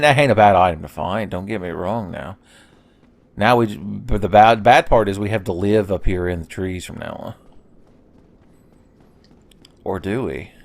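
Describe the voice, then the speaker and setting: A man's voice: deep voice, gravelly, no room sound. A man casually commenting over his own gameplay, rambling into joking asides and swearing freely. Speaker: let's play host.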